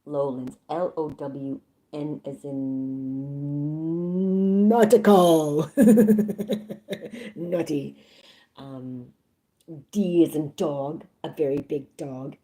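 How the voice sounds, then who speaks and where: A woman's voice: low-pitched, very slow, long pauses, dark tone. A woman reading a story aloud on a live stream in a chatty, playful way, breaking off for jokes and asides. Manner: chatty, playful, swears and jokes between passages.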